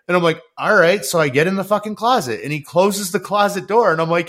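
A man's voice: sits high, fast, hardly any pauses, a bit bright. A young man hosting a casual podcast, full of slang and swearing. He tells stories with laughter and acts out other people's voices as he goes. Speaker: podcast host. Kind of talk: casual chat, animated storytelling.

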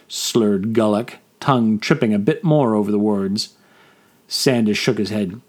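A man's voice: on the low side, a little slow, darkish tone. A man reading scripted fantasy story narration, voicing all the characters himself.

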